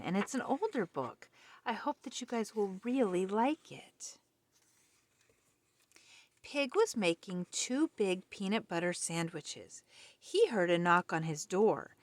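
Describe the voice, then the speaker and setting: A woman reading a children's picture book aloud in a gentle, friendly way. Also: mid-range voice, no echo. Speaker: storybook reader.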